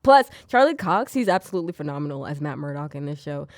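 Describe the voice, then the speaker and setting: A woman's voice: sits low, sing-song, fast talker, no room sound. A young woman hosting a podcast, chatting casually and with strong opinions, trailing off into little rants. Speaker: podcast host. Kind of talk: casual recommendation chat.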